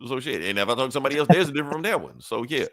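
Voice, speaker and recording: A man's voice: medium pitch, sing-song, rapid-fire, a bit bright, dry recording, studio quality. A man co-hosting a podcast in a loose, profane, rambling way, full of fillers. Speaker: podcast co-host. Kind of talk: casual chat.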